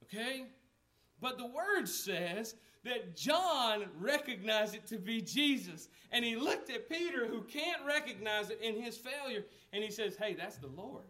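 A man's voice: very high-pitched, expressive, unhurried, bright, forceful tone. A man preaching a sermon as a pastor, talking conversationally, asking the congregation questions and acting out the lines of the people in the story.

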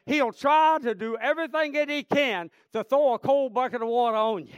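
High-voiced fervent male preacher. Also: moderate pace, clean tone, no echo, highs cut off. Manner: fervent, repetitive, calls out "Amen?" and "friend". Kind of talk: sermon.

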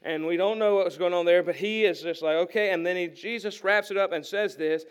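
High-voiced man preaching a lively sermon. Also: fairly quick, smooth. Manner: conversational, acts out voices with humor. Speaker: pastor. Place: church sanctuary.

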